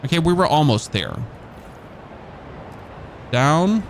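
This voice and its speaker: Excitable German-accented man streaming a game. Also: on the high side, unhurried, a little hiss or hum. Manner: excitable, thinks aloud and talks to chat. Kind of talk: casual gameplay commentary.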